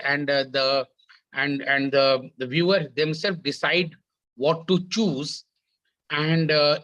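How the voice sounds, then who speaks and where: A man gives an academic talk as a conference panelist over a video call, halting often and repeating words as he restarts his sentences. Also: fairly high pitch, pushed and bright, low-quality recording. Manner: halting, with frequent repetitions and restarts.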